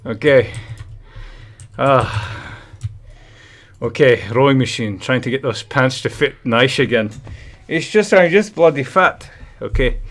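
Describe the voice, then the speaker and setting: A man's voice: mid-range voice, takes it slowly, a bit bright. Breathless man hosting a livestream. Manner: breathless, swearing, laughing often. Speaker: livestream host. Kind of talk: casual livestream chat.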